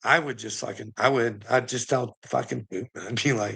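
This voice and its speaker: A man's voice: mid-range voice, steady tone, normal speed, vocal fry, hardly any pauses, a bit bright, breathy edge. A man ranting casually to his chat, swearing often, laughing constantly and calling people bud in a mocking, teasing way. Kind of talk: casual profane rant to chat.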